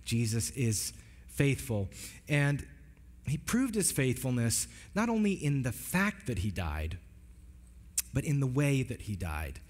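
Male pastor, earnest emphatic sermon delivery, mid-pitched, long hall reverb. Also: sing-song, takes it slowly, a little mellow. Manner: earnest, emphatic preaching with many restarts. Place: church sanctuary.

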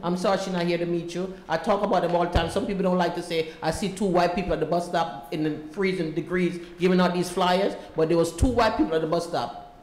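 A woman's voice: on the low side, fairly even intonation, quick pace, darkish tone. A woman, a mother and volunteer, giving an emotional, pleading personal testimony to an audience. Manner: emotional, pleading, voice rising as she speaks. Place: large echoey room with an audience. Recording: roomy echo, faint room noise.

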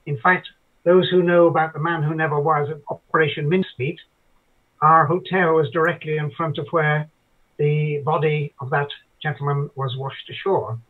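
A man's voice: a little high, little pitch movement, moderate pace. An older man from Ireland, a guest telling rambling stories in casual chat, with hesitant restarts. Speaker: guest interviewee. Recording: tinny phone-like line.

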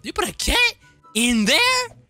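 A woman's voice: sits high, very animated, slow, sharp tone, no echo, faint music behind, heavily acted. A woman voicing a baffled young woman in a Roblox role-play, asking incredulous questions.

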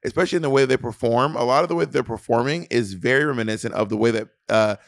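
A podcast co-host with a creaky, mid-range voice chats over a video call on a casual review show, playfully teasing and halting to restart his sentences again and again. The recording is dry and studio-clean.

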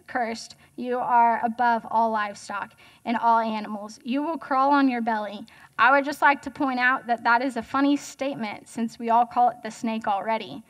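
A woman's voice: on the high side, a bit bright. A young woman giving a casual, chatty sermon as guest speaker, joking and asking the audience questions.

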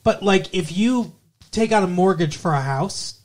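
A man's voice: sits high, lively intonation, unhurried. A man co-hosting a podcast, casually recapping a TV episode and explaining things at length with many restarts. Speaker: podcast co-host.

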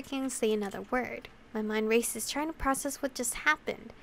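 A woman's voice: a little high, moderate pace, hardly any pauses, a bit bright, a little hiss or hum. A woman playing through a visual novel, reading the narration aloud with feeling and adding giggly remarks. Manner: emotional reading with giggly asides. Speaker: video game player reading aloud. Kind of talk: visual novel let's play with commentary.

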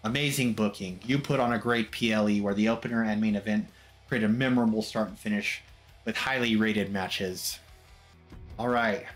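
A man's voice: on the low side, fairly even intonation, normal speed. A man giving casual, wry game commentary as he recaps wrestling matches, dropping mock quotes. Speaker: gameplay commentator. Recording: background music under voice. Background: background music.

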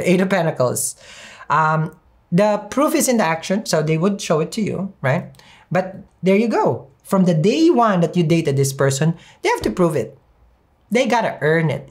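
Lively sassy woman reading tarot. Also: sits low. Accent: non-native English. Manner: animated, sassy, laughs often. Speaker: tarot reader.

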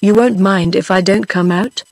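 A synthetic woman's voice reading the lines of a bitter, angry middle-aged working man in an audiobook, in a flat machine delivery. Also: medium pitch, moderate pace, creaky, no echo.

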